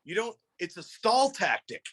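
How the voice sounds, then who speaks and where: An animated, husky-voiced man telling stories. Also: high voice, normal speed. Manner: animated storyteller, swears freely. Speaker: filmmaker guest. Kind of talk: casual conversation.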